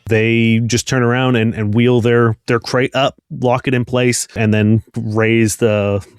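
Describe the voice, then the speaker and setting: A man's voice: mid-range voice, little pitch movement, unhurried, clean tone, dry recording, studio quality. A man narrating a tabletop game as game master, in a loose style full of fillers. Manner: loose, hesitant, filler-heavy.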